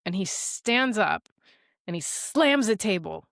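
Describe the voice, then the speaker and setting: A woman's voice: mid-range voice, expressive, measured pace, fairly bright tone, no echo, clean studio sound. A woman co-hosting a podcast, recapping a movie in casual chat, acting out the characters' lines and laughing often. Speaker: podcast co-host.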